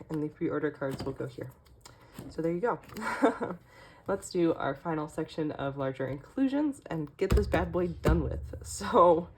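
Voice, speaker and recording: A woman's voice: lowish voice, darkish tone, slight background noise. A young woman casually walking through her photocard collection, chatty, with many fillers and small laughs. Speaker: K-pop collecting vlogger.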